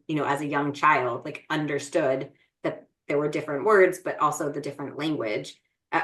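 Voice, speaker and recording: Heard on a rough recording, this podcast co-host has a voice that sits low. She chats casually and rambles, her talk full of fillers and false starts.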